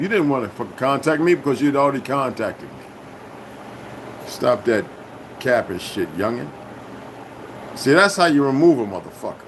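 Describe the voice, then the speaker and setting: A man's voice: mid-range voice, sing-song, normal speed, pauses often, slight background noise. A man hosting his own channel, talking in a casual, rambling livestream monologue full of profanity and confrontation. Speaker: channel host.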